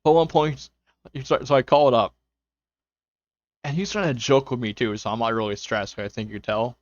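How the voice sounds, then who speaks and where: Here a young man talks to his viewers from a home stream in a loose, filler-heavy ramble, often quoting what he told himself. The mid-range voice moves at a moderate pace in a dry recording. There's faint music, and the lo-fi mic sounds dull.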